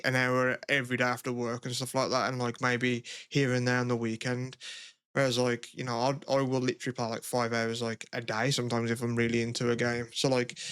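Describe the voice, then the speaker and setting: A young man chats loosely on a podcast, drifting between thoughts and swearing freely. His voice is smooth and clear, recorded dry and close with no room around it. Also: medium pitch, a bit bright, no echo. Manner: laid-back, swearing, rambling with lots of "like". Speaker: podcast co-host. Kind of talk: casual chat.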